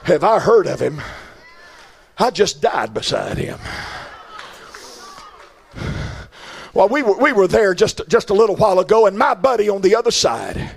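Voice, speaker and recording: A frightened, repentant thief speaks with a husky, rough-edged voice. He confesses in halting, stammering bursts, pitched fairly high for a man, as a preacher acts him out in a sermon. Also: sing-song, exaggerated voice. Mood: earnest. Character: repentant crucified thief, weary, fearful man.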